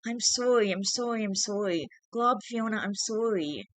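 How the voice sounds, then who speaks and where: A reader voicing a sick young man who quietly apologizes while breaking up with his girlfriend. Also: medium pitch, moderate pace, no echo, voice pushed up, close to an everyday voice. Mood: guilty, strained. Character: sick, guilt-ridden young man ending a relationship.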